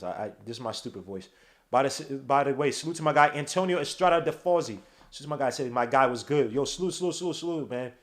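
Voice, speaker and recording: A man hosts a casual sports podcast from his computer desk. His voice sits at a middle pitch, loud and animated, full of street slang. He trails off into mumbles whenever he searches his screen. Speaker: podcast host. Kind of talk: casual live-stream sports talk.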